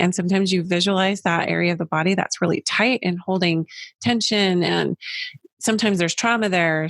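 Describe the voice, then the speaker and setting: A woman in her forties hosting a casual interview, chatty and quick with asides and laughter. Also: on the low side, vocal fry, no room sound. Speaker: podcast host.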